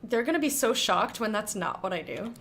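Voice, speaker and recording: A young woman streaming a game, chatting casually and excitably, often giggling. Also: mid-range voice, brisk. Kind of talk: casual gameplay commentary.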